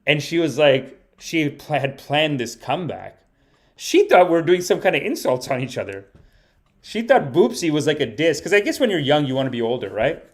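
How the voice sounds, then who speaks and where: A man's voice: on the high side, very animated, normal speed. A man hosting a casual podcast livestream, telling stories in a rambling, playful way. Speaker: podcast host and stand-up comedian.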